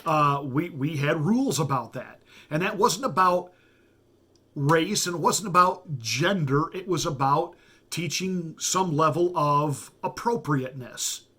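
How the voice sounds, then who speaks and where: Male pastor, middle-aged, emphatic folksy commentary delivery, fairly high-pitched speaking voice. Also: expressive, a little slow, sharp tone, breathy edge. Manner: emphatic, folksy, repeats words for stress. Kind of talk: political commentary monologue.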